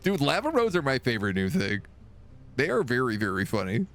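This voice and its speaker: A man's voice: mid-range voice, wildly swooping pitch, a little fast, fairly bright tone. A man casually commenting on a strategy game he is streaming live, talking to his units and making playful sound effects.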